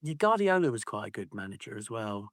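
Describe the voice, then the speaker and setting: A man's voice: fairly low pitch, big pitch swings, brisk, dry recording, studio quality. A man co-hosting a casual football podcast, ranting playfully and swearing freely. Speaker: podcast co-host.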